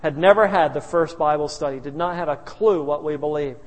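A man's voice: fairly high pitch, fairly quick. A male pastor telling stories in a sermon, humorous and anecdotal with chuckling asides. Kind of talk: sermon storytelling. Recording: reverberant hall.

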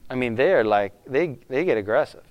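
A man preaching a conversational sermon as a pastor, often putting questions to the congregation in an animated way. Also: medium pitch, a little fast, highs cut off.

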